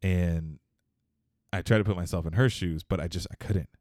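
Man, very low voice, rambling podcast storytelling, dry close sound. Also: normal speed, darkish tone, no echo. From Texas. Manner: rambling, many fillers and restarts.

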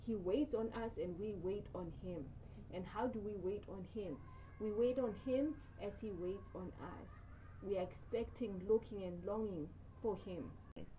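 A woman discussing faith in casual conversation, earnest and measured, often reading scripture aloud. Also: medium pitch, a crowd in the background. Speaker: guest.

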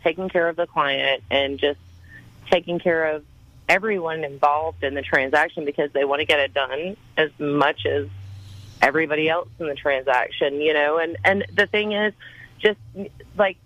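A woman's voice: low voice, moderate pace, dry recording. Effusive Southern woman on a muffled call. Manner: effusive, rambling, many restarts. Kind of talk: conference call testimonial.

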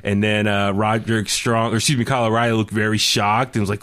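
A young man co-hosting a casual chat show, excitable and laughing often, with plenty of fillers. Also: lowish voice, quick pace. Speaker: podcast co-host.

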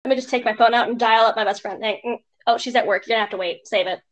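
A young woman co-hosting a casual podcast, telling stories in an animated way and mimicking strangers' voices. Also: on the high side, racing, muffled recording. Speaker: podcast co-host. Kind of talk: casual chat.

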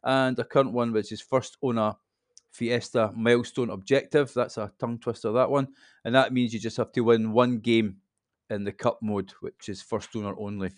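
A man in his fifties, a podcast guest, explaining things in a relaxed, rambling casual chat. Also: medium pitch, normal speed, dry recording, studio quality. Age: 50s.

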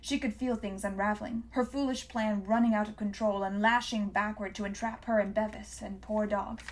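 A woman narrating an audiobook in a measured, hushed reading voice. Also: medium pitch, fairly even intonation. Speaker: audiobook reader. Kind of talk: scripted narration.

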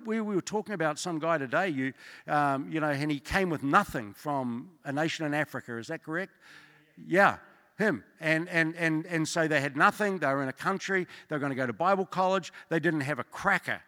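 During a church service, a middle-aged man preaching as a guest at an evening sermon with testimonies jokes around and drifts into asides. He speaks at a fairly high pitch with a pushed, bright quality, echoing with long hall reverb.

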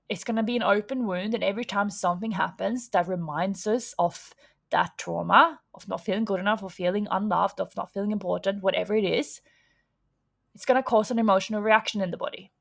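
A woman's voice: medium pitch, creaky. A woman hosting a podcast, talking frankly and casually as a coach, swearing freely and acting out the voices people hear in their heads. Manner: frank and chatty, swears freely, acts out quoted inner voices. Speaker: podcast host.

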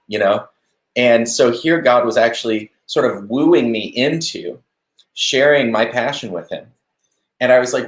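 A man hosting a live stream, giving a relaxed devotional talk on a verse and chatting to viewers as they comment. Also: on the low side, echoey room. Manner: conversational, warm-hearted preaching with asides to viewers.

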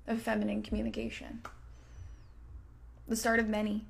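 A woman's voice: fairly high pitch, steady tone, moderate pace. A woman hosting a self-help podcast, talking casually and swearing freely. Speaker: podcast host. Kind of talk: motivational self-help talk.

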